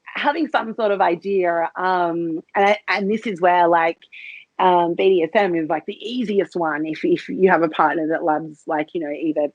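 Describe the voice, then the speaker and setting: A woman's voice: fairly low pitch, steady tone, moderate pace, no room sound, lo-fi sound. A woman being interviewed as a podcast guest, chatting casually, giggling often and hesitating with many fillers. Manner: giggly, laughs often mid-sentence. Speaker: podcast guest, cam model.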